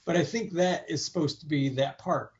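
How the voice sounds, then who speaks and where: A man's voice: a little high, moderate pace, background noise. A man co-hosting a casual movie review chat, joking and laughing often. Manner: jokey, laughs often, does silly voices. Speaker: podcast co-host. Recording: dull lo-fi audio.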